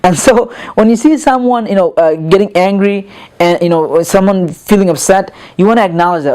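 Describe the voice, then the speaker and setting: A middle-aged man teaching a lesson on calming angry people, earnest, repeating words and restarting sentences, with many fillers. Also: sits high, normal speed, smooth. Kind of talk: lecture on calming anger.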